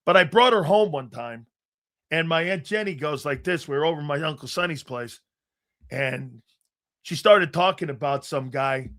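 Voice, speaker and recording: A man hosting a live sports talk show, loud and excitable, swearing freely and breaking into shouts while he tells stories in quick bursts. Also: fairly high pitch. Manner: rapid storytelling with restarts.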